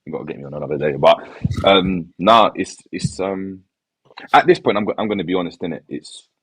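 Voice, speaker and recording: A man talks football in a casual podcast chat, sounding laid-back and resigned, and he leans on slang and repeats his phrases. His voice sits very low with a husky, grainy edge. The recording is close and dry. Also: brisk, no room sound, rough recording. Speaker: football fan panelist.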